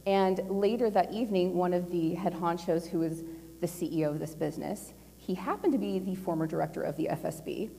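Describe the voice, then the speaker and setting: A middle-aged woman giving a casual, animated talk at a conference, telling a personal story with a lot of fillers and laughter. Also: fairly low pitch, brisk, creaky, a little hiss or hum. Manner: chatty and animated, laughing often, with lots of fillers. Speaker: conference speaker. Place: large conference hall. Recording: long hall reverb.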